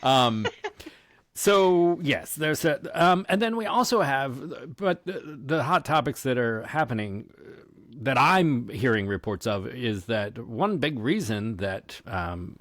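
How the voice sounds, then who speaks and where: A man's voice: medium pitch, lively intonation, takes it slowly, a bit bright, no room sound. A man hosting a podcast in casual chat, rambling with many fillers and restarts. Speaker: podcast host.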